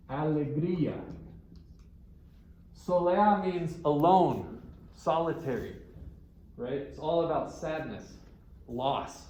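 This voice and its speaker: A man's voice: on the high side, darkish tone. A male guitar instructor giving a classroom lesson, counting beats aloud and explaining with questions. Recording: echoey room with faint ambient noise.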